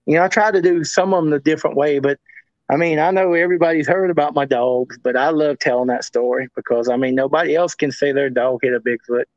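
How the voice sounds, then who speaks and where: A man with a fairly high voice talks as a guest on a show. He rambles through his stories and circles back on himself. The audio is dry and dull, like a lo-fi recording. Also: fast talker, no echo. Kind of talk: casual storytelling.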